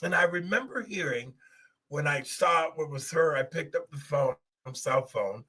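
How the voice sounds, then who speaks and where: This middle-aged podcast host delivers an earnest, emotional personal testimony directly to his audience at a measured pace. His voice is a little high, very bright and husky, and his delivery is expressive.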